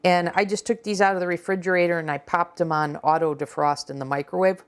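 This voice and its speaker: A woman's voice: on the low side, fairly even intonation, fast talker, clear, resonant tone. A woman hosting a casual cooking vlog, talking chattily with fillers and restarts as she runs a taste test. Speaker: cooking channel host.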